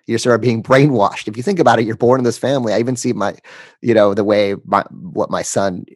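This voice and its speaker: A man speaking as a podcast guest, telling a candid story in a halting way, often restarting sentences and emotional at times. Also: on the low side, a little mellow, husky, dry recording.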